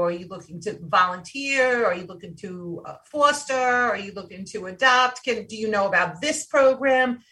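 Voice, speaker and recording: A woman's voice: medium pitch, bright, forceful tone, far from the mic. A woman from New York co-hosting a podcast who talks in an enthusiastic, rambling way and gives the guests compliments. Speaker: podcast co-host. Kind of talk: casual podcast conversation.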